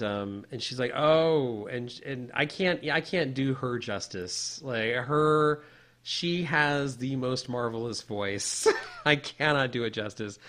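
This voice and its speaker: A man co-hosting a podcast, telling a personal story in a casual, animated way with many restarts. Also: medium pitch. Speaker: podcast co-host.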